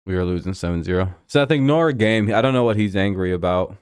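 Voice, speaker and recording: Brief: low, smooth male streamer calling a ball game live with chat, excitable and foul-mouthed, dry close mic. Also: fast talker, dry recording. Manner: excitable, swears freely, banters with chat. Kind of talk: casual live-stream baseball commentary.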